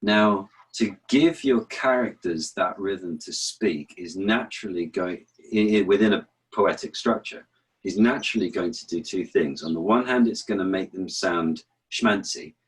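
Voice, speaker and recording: Guest, male actor, very low voice, lively storyteller who taps out rhythms. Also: moderate pace, low-quality recording. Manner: animated storyteller, chants rhythms aloud. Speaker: actor and author, interview guest. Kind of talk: relaxed explanatory interview talk.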